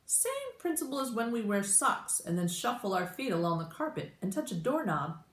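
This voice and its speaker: A woman voicing a brisk, impatient girl scientist who lectures in a storybook read-aloud. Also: medium pitch, big pitch swings, close to an everyday voice. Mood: lecturing. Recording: roomy echo.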